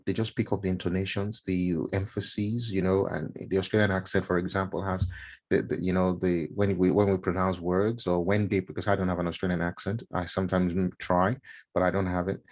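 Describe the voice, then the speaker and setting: A middle-aged man from Nigeria giving a casual mentorship talk, chatty and full of fillers and repeated words. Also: deep voice. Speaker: mentorship speaker. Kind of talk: casual talk to a live stream audience.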